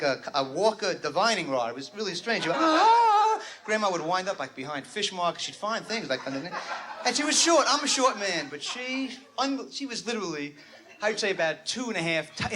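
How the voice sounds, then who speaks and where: High-voiced neurotic male stand-up comic. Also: background noise. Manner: neurotic, rambling, self-interrupting. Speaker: stand-up comedian. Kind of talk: stand-up comedy routine. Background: audience laughter.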